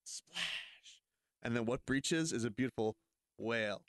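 A man's voice: medium pitch, normal speed, heavy background noise. A man cohosting a casual sports talk show, rambling and repeating himself as he tells a goofy story. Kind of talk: casual banter.

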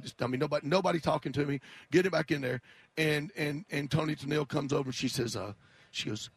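Fast-talking man telling rambling stories. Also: a little high, steady tone, breathy edge, no room sound. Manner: rambling, repeats words, laughs through his story. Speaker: guest musician. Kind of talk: storytelling in a radio talk interview.

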